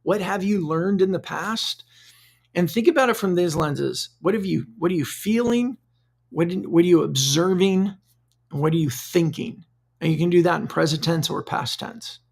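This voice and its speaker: Middle-aged male podcast host with a heavy gravelly fry and a slightly high voice, chatty solo monologue with restarts. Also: moderate pace. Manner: conversational, loose, repeats words while thinking.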